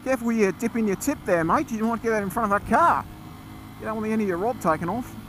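A man talking casually as he rides a motorcycle, chatty and excitable, often exclaiming. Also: high-pitched, quick pace. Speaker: motorcycle vlogger. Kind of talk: casual ride commentary. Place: outdoors on a moving motorcycle. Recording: loud wind and engine noise.

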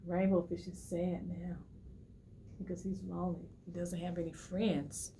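A woman hosting a library storytime, reading a picture book to preschoolers in an animated way and asking the children questions. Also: on the low side, measured pace, slight background noise.

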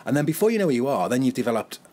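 A man's voice: mid-range voice, very animated, racing, darkish tone. A man from Britain, a comedian being interviewed on a podcast, explaining his craft hesitantly with restarts and examples. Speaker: comedian guest.

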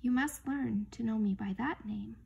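A woman voicing a wise, gentle male lion in a husky, breathy whispered role-play. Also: fairly high pitch, highs cut off, exaggerated voice. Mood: gentle solemn. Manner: slow, tender, solemn.

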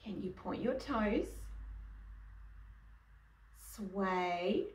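Slow woman reading a picture book. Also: mid-range voice, expressive. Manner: asks the young listener questions. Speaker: storyteller. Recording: echoey room, distant mic.

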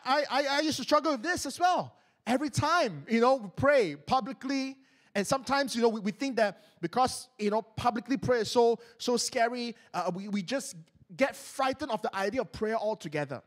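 A man with a Malaysian accent preaching a sermon as a pastor, animated and repeating words as he goes. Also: very high-pitched. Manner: animated, repeats words, acts out mock prayers in put-on voices. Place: church stage, live-streamed.

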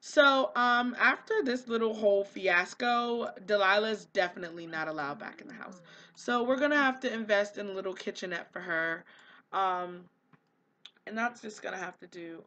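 A woman hosting a casual gameplay commentary, excitable and gushing, slipping into quoted voices for the characters. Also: medium pitch, muffled recording. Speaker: let's play host.

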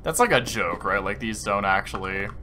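A young man chatting casually while playing a game, excitable, swearing and laughing often. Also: fairly low pitch, moderate pace, heavy background noise. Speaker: gaming streamer. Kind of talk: casual gameplay chat. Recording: keyboard clicks and typing behind.

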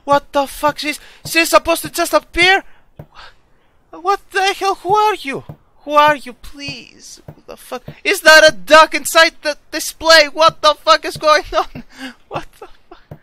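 A young man playing a horror game, talking to himself, swearing and yelling as jump scares hit. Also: very high voice, unhurried. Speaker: gaming YouTuber. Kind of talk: horror game let's play commentary.

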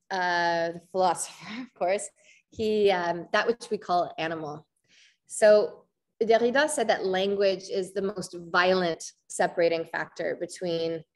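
Hesitant Canadian woman with low voice. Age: 30s. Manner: hesitant, frequent ums and restarts. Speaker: visual artist. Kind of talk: artist talk presentation.

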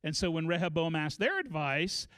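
A man preaching a sermon as pastor of a church, telling a story with lively, animated delivery. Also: fairly high pitch, normal speed, no room sound. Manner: animated storytelling, acts out quotes.

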